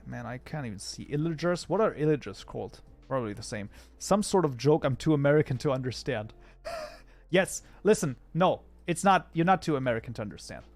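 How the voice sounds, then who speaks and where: This mod programmer, a native German speaker, codes on a live stream and talks casually with his chat, often breaking into mock outrage. He has a slightly high voice with a darkish tone, recorded dry.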